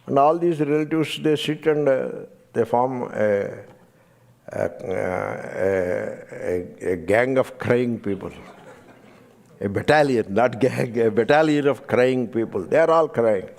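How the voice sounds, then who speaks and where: A man's voice: medium pitch, slow, gravelly, a little mellow. An older man with an Indian English accent, giving a satsang talk. He tells a story with emphasis and chuckles often as he goes. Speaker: swami teaching Vedanta.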